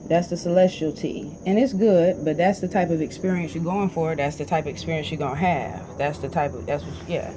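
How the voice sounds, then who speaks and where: A woman's voice: low-pitched, fairly quick, few pauses, background noise. Profane, joking woman vlogger. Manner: animated, profane, joking, talks straight to camera. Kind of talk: casual chat.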